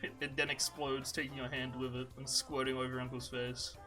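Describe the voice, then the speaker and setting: A man hosting a podcast, telling animated made-up stories in casual chat, full of fillers. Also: medium pitch, fairly quick, faint music behind. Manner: animated storytelling, many fillers. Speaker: podcast host.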